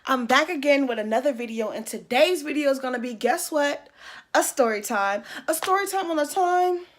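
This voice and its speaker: A woman's voice: high-pitched, lively intonation, normal speed. A young adult woman telling a casual story time to her viewers, chatty and profane, with lots of fillers. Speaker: YouTuber.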